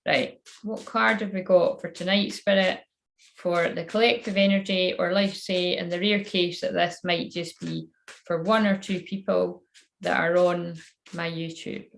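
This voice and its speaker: A woman's voice: fairly low pitch, steady tone, a little slow, gravelly. A woman giving a casual live-stream oracle card reading as a spiritual counsellor. Her talk rambles and she often breaks off mid-sentence.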